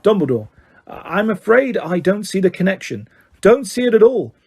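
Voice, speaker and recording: A man's voice: high-pitched, sing-song, normal speed, darkish tone, husky, pitched above the performer's own voice, full character voice. A man voicing a flustered, pompous middle-aged government minister who blusters defensively. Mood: blustering.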